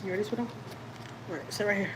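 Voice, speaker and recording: Quick-paced and mid-range, a woman's voice comes through over background noise. She's hosting a home livestream as a family vlogger from Houston, Texas, rambling casually, making fun of herself, and reading comments out loud.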